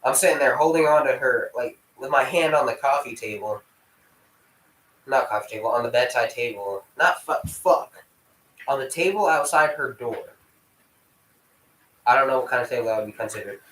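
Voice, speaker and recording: A man's voice: mid-range voice, normal speed, pauses often, fairly bright tone, recorded from a distance. A young man telling a rambling personal story in casual vlog style, swearing freely and breaking off to scold his dog. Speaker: vlogger. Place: room at home with dogs. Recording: echoey room.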